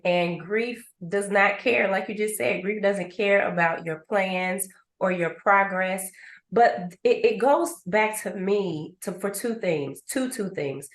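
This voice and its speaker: Woman host, lively storyteller, recorded in an echoey room. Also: lowish voice. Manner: animated storyteller, acts out voices in asides. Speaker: host and grief coach. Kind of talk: conversational podcast talk.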